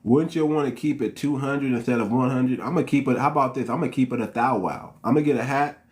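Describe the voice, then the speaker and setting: A man's voice: medium pitch, brisk, a little mellow. A man from the United States hosting his channel, talking straight to his viewers in an emphatic, slangy commentary that repeats its points. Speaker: channel host. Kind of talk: unscripted commentary monologue.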